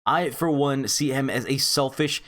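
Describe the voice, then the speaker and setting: A man's voice: mid-range voice, measured pace, fairly bright tone. A man reviewing a comic chapter in a casual recap, telling the story with animation and calling his viewers friends.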